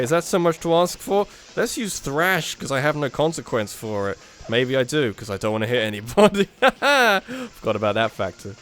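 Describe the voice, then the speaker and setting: A man's voice: on the high side, a bit bright. A man rambling through gameplay commentary, thinking aloud and giving opinions. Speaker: let's play commentator.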